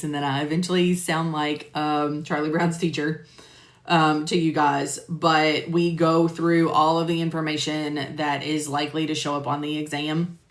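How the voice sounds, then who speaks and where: Woman, low voice, casual live-stream chat, filler words, echoey room. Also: fairly bright tone. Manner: chatty, answers viewers by name, many fillers. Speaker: medical coding instructor. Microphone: phone or computer mic on a live stream. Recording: roomy echo.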